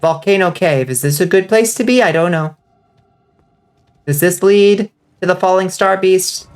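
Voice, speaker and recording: A woman streaming a game live, chatting casually and rambling with lots of fillers, now and then breaking into excited outbursts. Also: fairly low pitch, measured pace, soft background music. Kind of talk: casual livestream chat while gaming.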